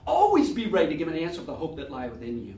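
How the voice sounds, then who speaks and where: A man teaching a lively Sunday school Bible lesson who acts out little scenes with sound effects and voices. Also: fairly high pitch, racing. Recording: echoey room, mic at a distance.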